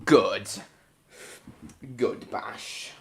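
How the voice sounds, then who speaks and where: A man's voice: lowish voice, very slow, gravelly, very noisy. A British man hosting a casual live stream, greeting viewers by name and answering chat comments in short, broken phrases.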